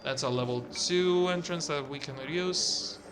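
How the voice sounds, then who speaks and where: A man's voice: on the high side, normal speed, a crowd in the background. A man giving casual, rambling gameplay commentary, with frequent swearing and restarts. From outside the US. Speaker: let's play host.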